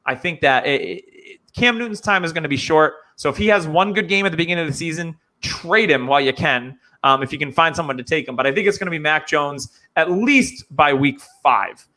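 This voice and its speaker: A man with a slight New England accent hosts a podcast in relaxed chat. His voice is bright and a touch high, and he talks in an easygoing way. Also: a little fast, hardly any pauses. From New Hampshire. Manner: easygoing, laughs along, analytical. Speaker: podcast host.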